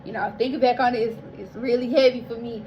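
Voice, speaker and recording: A woman's voice: a little high, steady tone, fast, highs cut off, slight background noise. A young woman telling her life story casually, rambling and heartfelt, near tears, swearing and calling listeners y'all.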